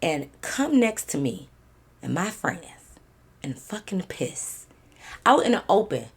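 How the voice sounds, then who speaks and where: Animated young woman telling a storytime. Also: fairly low pitch, takes it slowly, husky. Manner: animated, profane, conversational with many fillers. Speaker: storytime vlogger. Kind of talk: casual storytelling.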